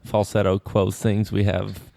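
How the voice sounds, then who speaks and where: A man's voice: lowish voice, monotone, measured pace, gravelly, mellow, no room sound, clean studio sound. A man co-hosting a casual podcast, teasing the others in easy banter. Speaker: podcast co-host. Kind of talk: casual chat.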